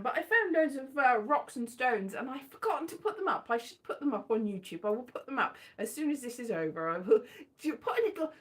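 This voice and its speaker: A woman with a high, fairly bright voice vlogs into her phone at home, rambling along in a chatty, scatterbrained, self-mocking way. Now and then she breaks into silly sung lines, with keyboard music playing behind her.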